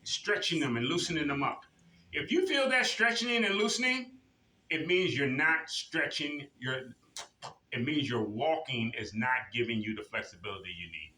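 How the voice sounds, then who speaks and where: A bright, forceful male fitness instructor with a somewhat high voice, coaching a group of seniors through their exercises. He motivates them and barks out the counts like a drill sergeant. The sound bounces around an echoey activity room. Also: big pitch swings, normal speed. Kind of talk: leading a seniors' exercise class.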